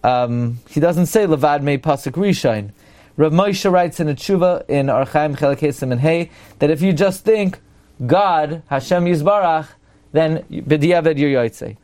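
Man, rabbi, fairly high voice, Torah class lecture, reads passages aloud then explains. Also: a little slow, darkish tone.

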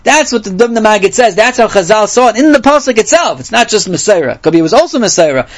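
A man teaches a Talmud passage and tells a parable, peppering his English with Hebrew terms. His voice sits notably high for a man. He often restarts his sentences and clears his throat. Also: sing-song, fast talker. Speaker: Torah teacher.

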